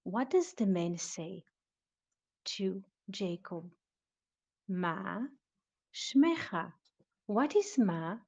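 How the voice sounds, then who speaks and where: A woman teaching a live online Bible lesson, speaking deliberately and quizzing her students. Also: medium pitch, very animated, warm tone, slightly rough. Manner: slow, deliberate, questioning students. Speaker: Biblical Hebrew teacher. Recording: dull lo-fi online audio room.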